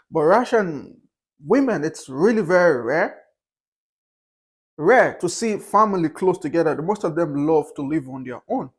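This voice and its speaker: A young man giving his candid opinions in a casual, rambling monologue, with fillers and restarts. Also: high-pitched. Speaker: vlogger.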